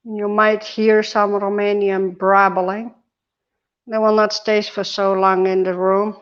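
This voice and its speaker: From her hospital bed, a woman vlogs chattily and emotionally into a phone held close, sometimes becoming tearful. Her mid-range voice is clear and resonant, with a level tone and slow pace, though the recording sounds muffled.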